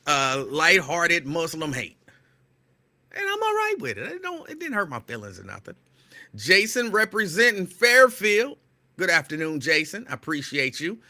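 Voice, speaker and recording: Excitable bright-voiced male show host. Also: on the high side. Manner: animated, excitable, loud at times; playful, teasing. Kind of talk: casual live-show chat greeting listeners.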